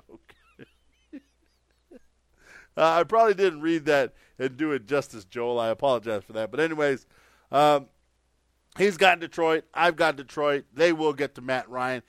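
A man's voice: a little high, dry recording. A man hosting a casual sports picks show, rambling through his predictions with plenty of filler words. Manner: rambling, many fillers and restarts. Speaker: podcast host making football picks.

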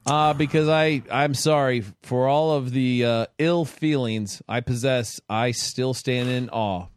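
A man's voice: mid-range voice, measured pace, clear, resonant tone. A man co-hosting a sports podcast, joking and often restarting his sentences. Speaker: podcast co-host. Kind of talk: casual sports chat.

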